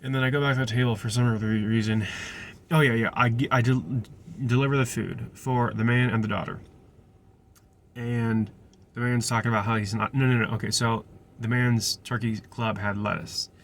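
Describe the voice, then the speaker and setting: A man's voice: medium pitch, fairly even intonation, moderate pace, slight background noise. A young man, a restaurant server, casually telling a rambling story full of restarts and digressions.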